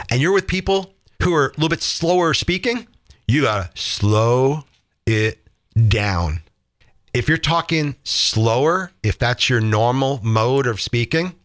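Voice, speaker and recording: A man coaching on communication in an interview, lively and emphatic, joking as he explains. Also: mid-range voice. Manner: lively, jokey, emphatic, acts out examples.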